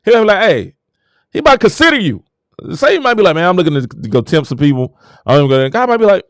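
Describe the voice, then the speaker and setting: A high-pitched, fervent man preaching his message with huge swings of pitch, dropping to low murmurs and then bursting into shouts. His voice is recorded close and dry, with no room sound. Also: very animated, fast talker, no echo. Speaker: show host. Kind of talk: preaching-style motivational talk.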